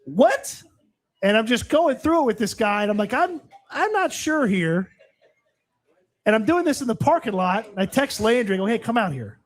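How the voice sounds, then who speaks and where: A man's voice: high voice, lively intonation, fast talker, few pauses. A man co-hosting a casual sports talk show, telling a story with animation and acting out both sides. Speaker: co-host. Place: live show at a restaurant.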